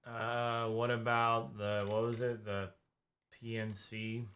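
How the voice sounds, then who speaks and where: A man co-host talks casually while reacting to videos. He rambles, hesitates and lets his thoughts trail off, in a plain, mid-pitched voice. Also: monotone, takes it slowly, a bit bright. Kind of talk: casual chat.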